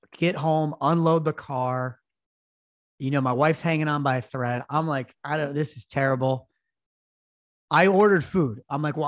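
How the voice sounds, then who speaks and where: Animated man telling a sports story. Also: on the high side, no room sound, clean studio sound. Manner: animated storytelling, self-deprecating. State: recovering from illness. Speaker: podcast co-host. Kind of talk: casual sports betting chat.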